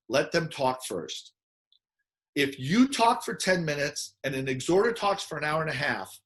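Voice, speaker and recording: Animated man explaining with acted-out quotes. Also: fairly high pitch. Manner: acts out quoted people with bursts of loud excited voice. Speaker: personality model speaker. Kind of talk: animated teaching talk.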